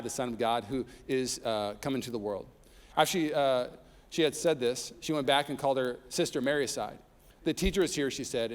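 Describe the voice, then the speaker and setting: A man preaching a sermon as pastor, reading scripture and telling personal stories with humor and rising intensity. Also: medium pitch. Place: church sanctuary. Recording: long reverb of a large hall.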